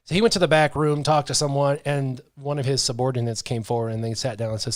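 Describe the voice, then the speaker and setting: A man's voice: medium pitch, quick pace, few pauses. A middle-aged man hosting a casual chat, telling a long story and voicing the people in it. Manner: animated, acts out the dialogue of people in his stories. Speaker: gaming channel host.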